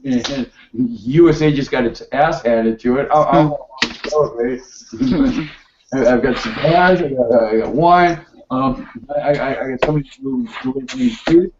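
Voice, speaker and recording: A man's voice: medium pitch, animated, unhurried, creaky. A man chatting casually and boastfully, stammering and swearing often. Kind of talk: casual chat. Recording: distant roomy lo-fi recording with faint noise.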